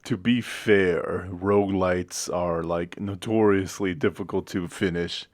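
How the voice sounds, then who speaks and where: A man's voice: deep voice, steady tone, slow, dry recording, clean studio sound. A young man co-hosting a casual podcast, joking around and laughing often. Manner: jokey, laughs often, tries silly voices. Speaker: podcast co-host.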